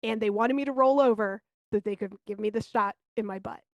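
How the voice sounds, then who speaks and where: A woman co-hosting a podcast, telling candid, animated stories in casual chat and swearing now and then. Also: mid-range voice, quick pace, no echo. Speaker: podcast co-host.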